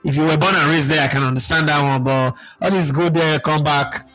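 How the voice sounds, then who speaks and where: Animated Nigerian man with a high voice. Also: brisk. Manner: animated, rhetorical questions, jumps up in pitch. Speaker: sports channel host. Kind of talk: casual opinion commentary.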